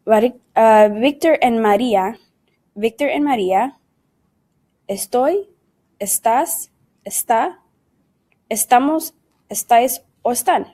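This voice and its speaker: A woman's voice: on the high side, expressive, takes it slowly, pauses often, warm tone. A woman teaching an online Spanish lesson in English. She explains patiently, step by step, mixes in Spanish words and conjugations, and often calls the class "guys".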